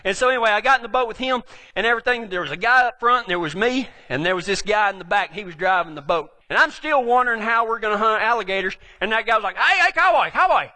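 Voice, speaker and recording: A man with a West Texas drawl preaches in a high voice, wandering through cowboy yarns with plenty of jokes. His tone is bright and forceful, and his speech is packed with ranch slang. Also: quick pace. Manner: folksy, rambling, joking, with cowboy slang. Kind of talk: storytelling sermon to a live audience.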